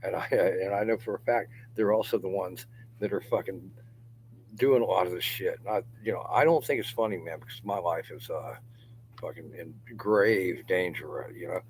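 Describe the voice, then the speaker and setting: A middle-aged man with a deep, low voice rambles on in a long profane monologue, chuckling between phrases. He often sinks into mutters and near-whispers. A faint hum sits under the outdoor recording. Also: normal speed, rough recording. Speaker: vlogger. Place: outdoors in a yard.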